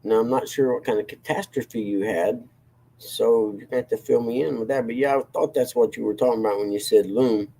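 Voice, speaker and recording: A man's voice: mid-range voice, steady tone, fairly quick, creaky, warm tone. A man hosting a livestream, chatting casually with viewers in a rambling, self-deprecating way and chuckling often. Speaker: livestream host reading chat. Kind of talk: casual chat.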